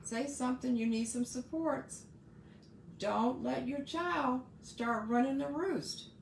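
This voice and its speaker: A woman's voice: high voice, takes it slowly, gravelly, echoey room, slight background noise. A middle-aged woman hosting her own podcast, giving casual, earnest advice to parents with frequent asides and restarts. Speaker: podcast host.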